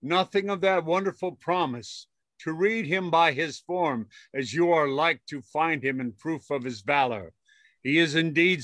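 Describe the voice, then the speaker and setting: A man's voice: on the high side, fairly bright tone, no echo. A man reading as a sly, wry servant. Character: sly male servant egging on a duel. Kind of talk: Zoom play reading. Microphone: video call.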